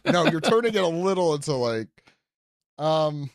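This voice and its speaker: A man hosting a podcast in a casual, joking way, teasing his guests with quick asides. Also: fairly high pitch, sing-song, dry recording, clean studio sound. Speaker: podcast host. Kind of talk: casual chat.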